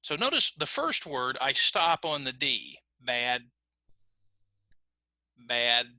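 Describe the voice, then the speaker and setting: Guy teaching esl online, real slow, crisp bright voice, dry sound. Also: fairly high pitch, big pitch swings, no echo. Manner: slow, drawn-out model words repeated for practice. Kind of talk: online pronunciation lesson. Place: video call class.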